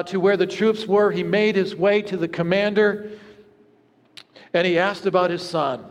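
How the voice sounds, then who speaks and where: High-voiced pastor preaching in a reverberant church. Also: male voice. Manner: earnest, storytelling with hushed low moments. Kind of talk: sermon. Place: church sanctuary.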